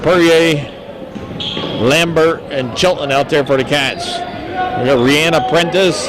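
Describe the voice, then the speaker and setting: A man doing folksy, joking play-by-play of a local high school basketball game. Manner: folksy, jokey, stumbles over player names. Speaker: play-by-play announcer. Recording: noisy gym broadcast audio. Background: gym ambience and bouncing basketballs.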